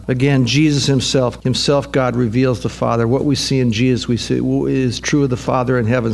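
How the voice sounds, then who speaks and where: A man preaching a sermon in an earnest way, repeating words and rising in pitch when stirred. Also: creaky, a little mellow. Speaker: pastor.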